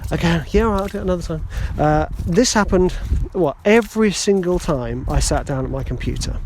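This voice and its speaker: Chatty man, fairly high voice. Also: normal speed, few pauses, slight background noise. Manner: rambling, chatty, self-deprecating. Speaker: podcast host. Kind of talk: casual podcast monologue.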